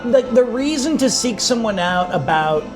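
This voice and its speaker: Guy with a high voice rambling over drinks, soft music behind. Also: lively intonation, normal speed. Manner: rambling, trails off and restarts. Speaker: guest. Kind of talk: casual chat over drinks. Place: bar or pub.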